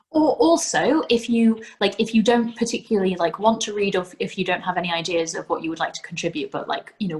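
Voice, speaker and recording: A woman hosting a storytime video call, chatting casually and rambling with lots of fillers and restarts. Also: on the low side. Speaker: storytime host.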